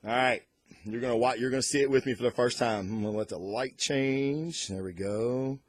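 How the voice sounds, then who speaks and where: A man hosting a casual comic book unboxing and review vlog, talking in an excitable, loose way and cursing freely. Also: medium pitch, moderate pace, no echo, studio quality.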